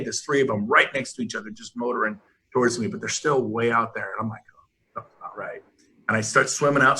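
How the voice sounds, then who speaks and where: A man's voice: medium pitch, sharp tone. A man on a video call giving an emphatic, motivational panel talk full of stories, often restarting his sentences. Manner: emphatic, fired-up, rambling with restarts. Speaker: real estate brokerage leader, panel host.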